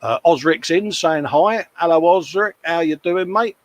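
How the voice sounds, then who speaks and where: Chatty British man, slightly high voice. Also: measured pace. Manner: chatty, banters and reads out viewer comments. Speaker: co-host of a live modelling stream. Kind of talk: casual live-stream chat. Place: hobby workshop at the bench.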